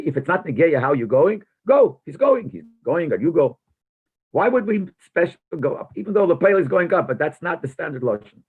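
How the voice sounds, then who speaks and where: A rabbi with a fairly high, slightly rough voice teaches a text-study class, reading a phrase aloud before translating and explaining it and posing questions along the way. The recording is tinny and lo-fi, like a phone.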